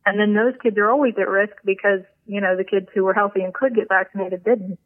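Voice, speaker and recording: A woman's voice: mid-range voice, steady tone, quick pace, dry recording. Woman doctor on a phone line. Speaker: doctor, guest caller. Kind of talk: casual chat.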